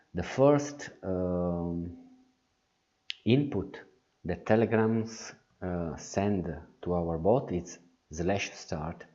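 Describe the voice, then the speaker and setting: Deep slow guy, ums and uhs through a software walkthrough, dull lo-fi sound. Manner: hesitant, many fillers and restarts. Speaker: software tutorial presenter. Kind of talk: screen-recorded software walkthrough.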